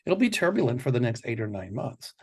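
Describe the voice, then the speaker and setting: A man's voice: mid-range voice, big pitch swings, brisk, slightly rough. Rambling confident male psychic host. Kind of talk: casual predictions chat.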